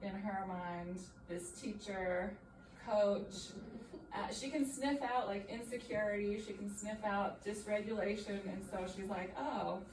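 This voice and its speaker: A woman's voice: medium pitch, fairly even intonation, measured pace. A woman, a parent, asking a question in a workshop group and thinking aloud as she goes. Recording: echoey room, distant mic, background noise.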